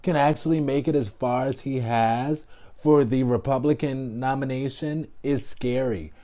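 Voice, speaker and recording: A man vlogging casual political commentary, talking in an animated, emphatic way with frequent restarts and asides. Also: mid-range voice, a little slow.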